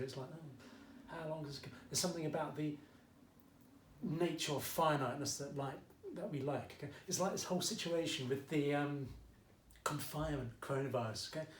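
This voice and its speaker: A man's voice: fairly high pitch, distant mic, slight background noise. Male maths teacher, Essex accent, jokey and conversational, recorded in an echoey room at home. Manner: chatty and jokey, keeps checking in with "okay?". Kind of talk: casual video lesson. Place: at home during lockdown. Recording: echoey room, mic set back.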